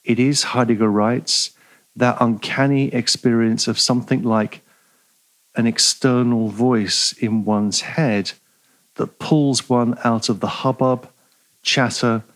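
A middle-aged man giving a scripted philosophy lecture in a measured way, repeating key phrases for emphasis. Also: medium pitch, fairly bright tone.

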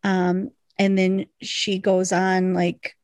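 A woman in her thirties, a podcast co-host, recapping a TV episode in casual, animated chat. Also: fairly low pitch, takes it slowly, dry recording. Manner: animated storytelling, acts out quotes with laughs.

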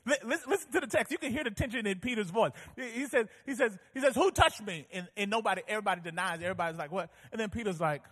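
A man preaching a sermon as pastor, telling stories with animation and building to fervent shouting. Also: sits high, animated, rapid-fire, few pauses, husky, big-room sound.

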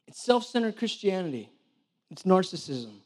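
A man preaching a sermon to a live church audience, animated storytelling with self-deprecating humor. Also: high-pitched, normal speed.

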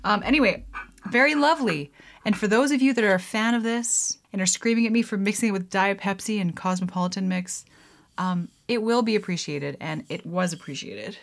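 A woman's voice: medium pitch, brisk, vocal fry. A woman vlogging as she mixes a drink at home, chatting casually to her viewers, rambling with lots of "like" and "um", giggling and poking fun at herself. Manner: giggly, rambling, self-deprecating, many "like"s and "um"s. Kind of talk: casual chat to camera.

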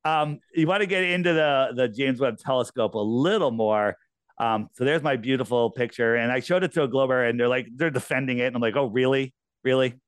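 A man chatting as a podcast guest over a video call, animated and mocking, laughing often. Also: medium pitch, a little fast, clear, resonant tone, dry recording, studio quality. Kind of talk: casual podcast chat.

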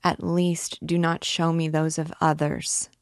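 A woman reading aloud voices a grieving woman recluse, hoarse and terse in her despair. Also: sits low, little pitch movement, a little slow, dry recording, studio quality.

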